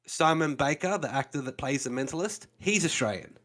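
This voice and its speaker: A man's voice: fairly high pitch, lively intonation, brisk, fairly bright tone. A man co-hosting a casual podcast chat, explaining things at length and leaning on fillers like "you know". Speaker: co-host.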